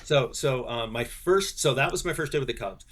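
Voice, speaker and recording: A man in his sixties, a sports business executive, telling stories as a podcast guest, animated and full of fillers and restarts. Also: mid-range voice, normal speed, background noise. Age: 60s. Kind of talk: podcast interview, anecdote telling.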